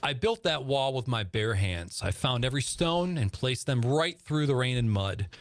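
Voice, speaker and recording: A man's voice: medium pitch, animated, normal speed, natural voice. A man doing a bitter old pub regular. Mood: aggrieved. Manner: emphatic storytelling, no real accent. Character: old male Irish pub bar builder, bitter and proud.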